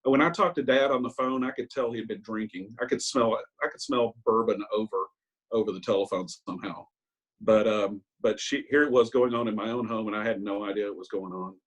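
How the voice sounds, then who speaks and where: Older man, 60s, husky voice, candid self-deprecating recovery speaker on a video call. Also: fairly low pitch, steady tone, brisk, rough recording. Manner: candid, self-mocking storytelling with hesitant ums. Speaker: Al-Anon speaker. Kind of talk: personal recovery share.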